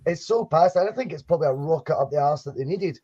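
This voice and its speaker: A man's voice: fairly high pitch, expressive, quick pace, warm tone, husky. Chatty man, dull lo-fi sound. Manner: chatty, rambling, frequent restarts. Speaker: podcast co-host. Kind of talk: casual live-stream chat. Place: home studio for a live stream.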